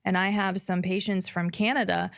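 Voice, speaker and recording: A woman's voice: mid-range voice, little pitch movement, moderate pace, creaky, dry recording, studio quality. A woman who works with patients, co-hosting a casual talk show and explaining points in an engaged, agreeable way. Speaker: health practitioner and co-host. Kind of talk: casual chat. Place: South Florida.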